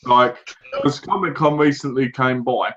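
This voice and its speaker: A man's voice: medium pitch, a little slow, a bit bright, lo-fi sound. A man co-hosting a casual livestream chat, rambling and laughing often. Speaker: co-host.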